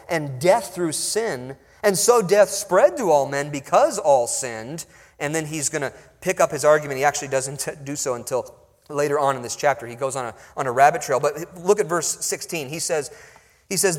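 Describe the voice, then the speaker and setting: Preaching man in a reverberant hall. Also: fairly high pitch. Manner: expository preaching, reading scripture aloud with emphatic pauses. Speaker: pastor. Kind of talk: sermon.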